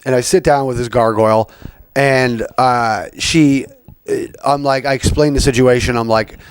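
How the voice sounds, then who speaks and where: A man's voice: medium pitch, fairly even intonation, normal speed, smooth, no echo. A man hosting a podcast, ranting casually with lots of fillers and swearing. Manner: rambling, profane, frequent fillers. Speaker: podcast host. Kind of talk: casual rant.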